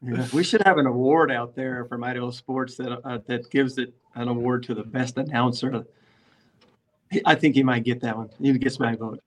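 Male coach guest, level flat delivery, easygoing podcast chat. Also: medium pitch, moderate pace. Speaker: football coach. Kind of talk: casual sports podcast chat.

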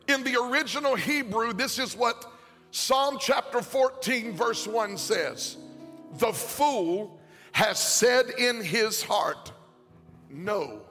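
A pastor preaching a sermon to a congregation in a large church, his delivery rising into a sing-song cadence and shouted peaks. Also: high voice. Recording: long hall reverb, faint music.

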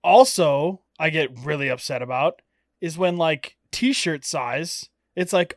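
A man's voice: a little high, takes it slowly, dry recording, studio quality. A young man co-hosting a podcast, chatting casually, laughing often and getting worked up when he rants. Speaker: podcast co-host. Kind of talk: casual chat.

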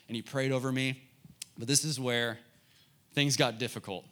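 An earnest young man preaching to a youth group, mid-range in pitch. He tells a personal story openly and directly, speaking straight to his listeners. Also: fairly even intonation, moderate pace, a bit bright. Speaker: youth pastor. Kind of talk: sermon.

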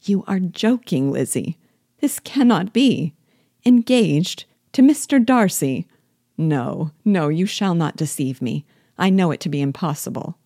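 Brief: gentle, earnest young sister, read by a woman, low and mellow, quick to marvel. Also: no echo, studio quality, close to an everyday voice. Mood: incredulous. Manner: incredulous, tender, earnest.

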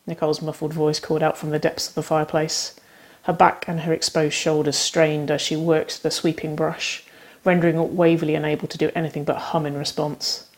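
A woman's voice: low voice, level tone, brisk, a little mellow. A woman narrating a romance story aloud, giving the characters' lines light acted shifts. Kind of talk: audiobook-style fiction reading.

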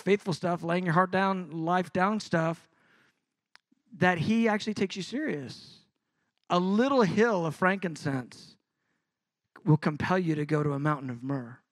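Middle-aged preacher guy, talks casual but gets fired up, kinda high voice, dry close sound. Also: dry recording. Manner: conversational, animated preaching with rising intensity. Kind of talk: sermon.

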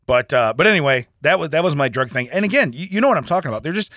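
Laughing man with a bright, lively voice. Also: fairly high pitch, rapid-fire, no room sound, studio quality. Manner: laughs often, animated storyteller. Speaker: podcast co-host. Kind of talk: casual comedic chat. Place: podcast studio.

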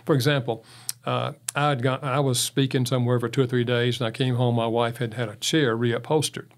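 A man's voice: mid-range voice, fairly even intonation, a little fast. A man talking as a guest in an interview, giving advice on marriage with folksy stories and frequent chuckles. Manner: folksy storyteller who chuckles often. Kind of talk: interview talk with anecdotes.

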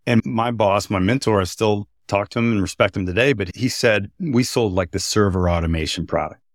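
A man's voice: on the low side, a little fast, no room sound, clean studio sound. A man from Texas, a sales panelist, telling an anecdote animatedly and acting out quotes. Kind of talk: storytelling in a roundtable.

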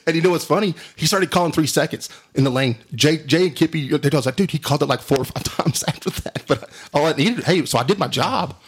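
A man's voice: fairly high pitch, fast, hardly any pauses, slightly rough. A man, telling a funny story in casual chat and acting out the quotes. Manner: animated storyteller, acts out quotes.

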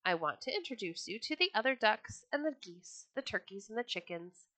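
Storybook mother duck, fussy and motherly, read by a woman, bright and dry. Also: medium pitch, lively intonation, moderate pace, no room sound.

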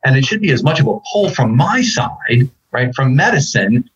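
A man's voice: medium pitch, very animated, normal speed, slightly rough, lo-fi sound. A man speaking as a physician on a panel, emphatic, with frequent "right?" tags and restarts. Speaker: physician leader. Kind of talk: panel discussion.

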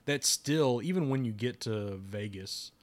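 A man's voice: mid-range voice, lively intonation, a little slow. A man hosting a podcast in casual chat, rambling with restarts and easy laughs. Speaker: podcast host.

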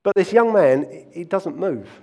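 A man's voice: high voice, expressive, moderate pace, a little mellow, in a large hall. A man, preaching a sermon and telling stories earnestly, often restarting his phrases. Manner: earnest storytelling with frequent restarts. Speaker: pastor.

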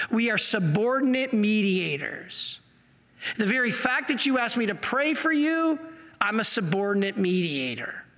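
Passionate high-voiced man lecturing in a hall. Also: fairly bright tone. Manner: passionate, gets worked up. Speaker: Catholic apologetics speaker. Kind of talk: apologetics lecture with slides. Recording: long hall reverb.

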